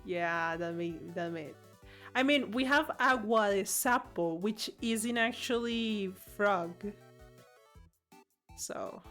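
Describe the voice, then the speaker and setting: A woman's voice: medium pitch, slow pace, fairly bright tone, faint music behind. A woman streamer, chatting casually and playfully, reading chat aloud and giggling often. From Latin America. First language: Spanish.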